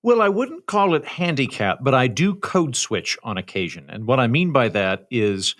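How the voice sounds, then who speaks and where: Comedian guest, man in his 30s, faint Oklahoma lilt, crisp announcer-like delivery, bright tone. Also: medium pitch, expressive, moderate pace. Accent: light Oklahoma American. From Oklahoma, USA. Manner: formal, authoritative radio-style diction, wry storytelling. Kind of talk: casual chat.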